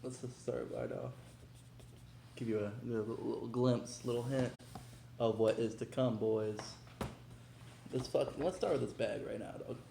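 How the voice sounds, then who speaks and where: Hyped young man with a gravelly voice. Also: medium pitch, measured pace, long pauses, slight background noise. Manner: excitable, slangy, hyped. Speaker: vlogger. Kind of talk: casual unboxing vlog. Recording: echoey room.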